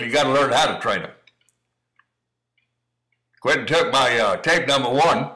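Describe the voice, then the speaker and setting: Folksy bright-voiced man coaching dog training. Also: mid-range voice, low-quality recording. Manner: folksy, encouraging, calls listener son. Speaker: cowdog breeder commenting on training footage. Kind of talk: casual running commentary over video.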